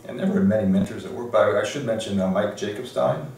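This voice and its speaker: A man's voice: fairly low pitch, quick pace, gravelly, a little mellow. Older man recalling his career, echoey room. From Detroit, USA. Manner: reflective storytelling, frequent restarts and "um"s. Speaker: interviewee, law librarian. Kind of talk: oral history interview. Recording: echoey room, distant mic, faint noise.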